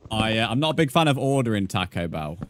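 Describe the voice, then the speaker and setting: Streamer, male, lowish voice, rambling chat with viewers. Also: sing-song, fast talker, noisy background. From England. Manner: rambling, chatty, reads and answers viewer comments. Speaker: game streamer. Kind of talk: casual live-stream chat.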